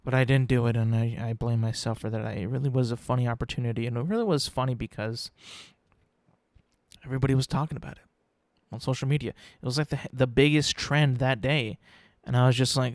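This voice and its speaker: A man hosting his own podcast, rambling in a casual, self-mocking way and slipping into quick mock voices. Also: mid-range voice, steady tone, no echo. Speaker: podcast host. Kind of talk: casual solo podcast rant.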